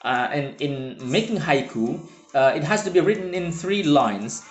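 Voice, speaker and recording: A man's voice: a little high, animated, unhurried. A man teaching a lesson, hesitant and full of filler sounds. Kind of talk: lecture. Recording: roomy echo.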